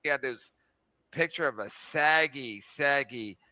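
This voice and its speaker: A man's voice: mid-range voice, takes it slowly, pushed and bright, no room sound. An older man hosting a show, ranting in a coarse, mocking and blunt way. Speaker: show host in a played clip. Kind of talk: crude comedic rant.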